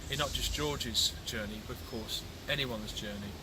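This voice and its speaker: Brummie guy showing folks round, chatty with lots of ums, mid-pitch, traffic noise behind. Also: normal speed. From Birmingham, England. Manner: chatty, explanatory, with fillers. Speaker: tour guide. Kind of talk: casual guided walking tour. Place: outdoors and indoors on a large country estate.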